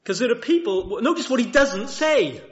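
A man preaching a sermon in a chapel, with lively rhetorical questions and frequent restarts. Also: very high-pitched, moderate pace, highs cut off. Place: church chapel.

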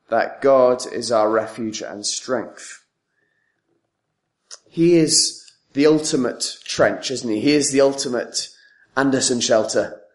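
Slow, measured male preacher. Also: medium pitch. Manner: measured, many tag questions and ums. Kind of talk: sermon.

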